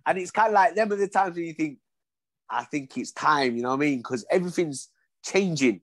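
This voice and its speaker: A man's voice: on the high side, animated, a little fast, no echo. A man, a former boxer telling his story in an interview, acting out dialogue and often saying "you know what I mean".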